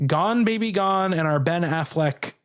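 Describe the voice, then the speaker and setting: A man's voice: high-pitched, a little slow. A man co-hosting a casual film podcast, talking loosely with fillers and restarts. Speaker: podcast co-host.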